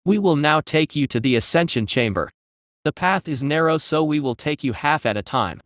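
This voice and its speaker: Zealous creature leader, voiced by a man, cackling, fanatical, slightly high, dry recording. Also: expressive, moderate pace, fairly bright tone, no room sound. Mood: cheery. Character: grotesque fanatical burrowing creature leader, male.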